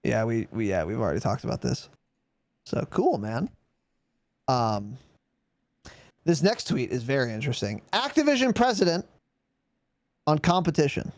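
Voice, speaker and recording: A man co-hosting a gaming podcast, talking in casual chat with a lively voice that swings up and down as he mocks corporate statements. He is sarcastic and swears freely. The sound is dry and close. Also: mid-range voice, moderate pace, long pauses, dry recording. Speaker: podcast co-host.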